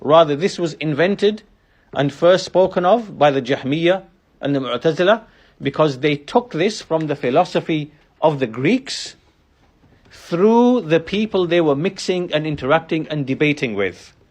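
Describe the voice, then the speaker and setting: Husky measured man lecturing. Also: fairly high pitch, animated, darkish tone. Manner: measured, uses tag questions. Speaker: Islamic lecturer. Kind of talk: explanatory lecture.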